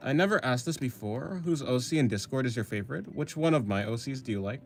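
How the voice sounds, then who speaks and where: A young man streaming his drawing, chatting casually with his viewers in a rambling, hesitant way full of fillers and soft laughs. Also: medium pitch, expressive, fast talker, gravelly, soft background music. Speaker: art streamer. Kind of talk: casual chat answering a live chat.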